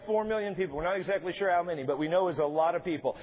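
A man's voice: high voice, rapid-fire, breathy edge, lo-fi sound. A male pastor preaching a sermon in a conversational way, with joking asides to the congregation. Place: church sanctuary.

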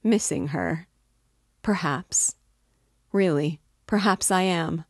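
A woman's voice: lowish voice, slow, no room sound, clean studio sound. A woman reading a novel aloud, voicing a sly, musing middle-aged landowner who talks in a rambling, confiding, oddly offhand way.

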